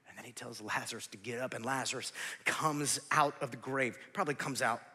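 A man in his forties preaching a sermon, swinging from loud shouts to near whispers, with joking asides to the congregation. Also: mid-range voice, brisk, breathy edge, long reverb tail. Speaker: pastor.

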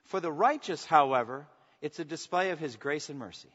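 A man preaching a sermon as pastor, swinging from emphatic declarations to soft, intimate asides and asking the congregation for response. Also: fairly high pitch, animated, brisk. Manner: preaching with rising emphasis, then dropping to soft, intimate lines. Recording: long reverb, dull lo-fi sound.

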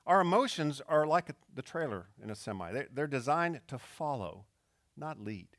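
A man's voice: on the high side, a bit bright, no echo. Man, preacher, sermon, storytelling, acted-out quotes, dry sound. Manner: storytelling, acts out quotes with rising intensity. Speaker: pastor.

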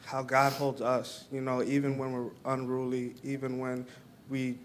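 Young man sharing a church testimony, hesitant, lots of fillers, even pitch. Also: a little hiss or hum. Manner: halting, full of "um" and "like". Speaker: church member giving a testimony. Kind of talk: personal testimony to a church group.

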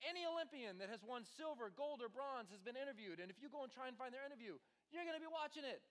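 Male preacher, high voice, very lively pitch, animated sermon. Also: fast, few pauses. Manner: animated, jumps between voices for quotes. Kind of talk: energetic sermon to a live audience.

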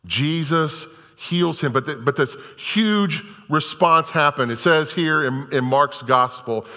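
Bright-voiced preacher in a reverberant hall. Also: male voice, a little high, slow. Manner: conversational storytelling preaching. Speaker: pastor. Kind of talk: sermon. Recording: long reverb of a large hall.

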